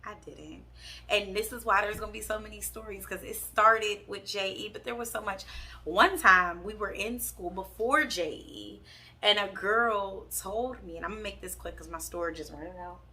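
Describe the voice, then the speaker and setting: Sassy young woman with a gravelly edge. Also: medium pitch, moderate pace, bright, forceful tone. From Pittsburgh. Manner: candid, sassy storytelling, addresses viewers as y'all. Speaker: vlogger. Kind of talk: storytime vlog.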